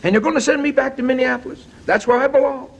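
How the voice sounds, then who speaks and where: A man voicing a young male ballplayer who is crying, pleading in a high tenor voice. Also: quick pace, gravelly, slightly rough, highs cut off, heavily acted. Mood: despairing. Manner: sobbing, self-doubting pleading.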